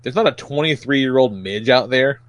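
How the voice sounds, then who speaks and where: A man's voice: mid-range voice, moderate pace, no echo. A man co-hosting a podcast, chatting casually with wry, sighing reactions. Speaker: podcast co-host. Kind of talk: casual chat.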